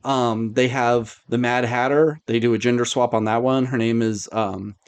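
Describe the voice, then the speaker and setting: A man's voice: medium pitch, fairly even intonation, normal speed, clear, resonant tone. Rambling sarcastic male podcast host. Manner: rambling, sarcastic, lots of fillers. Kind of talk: casual chat review.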